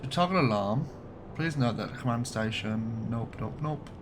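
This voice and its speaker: A man's voice: medium pitch, lively intonation, normal speed, noisy background. A man from Birmingham with a light Birmingham accent, chatting casually and swearing now and then while live-streaming a game. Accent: light Birmingham English. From Birmingham, England.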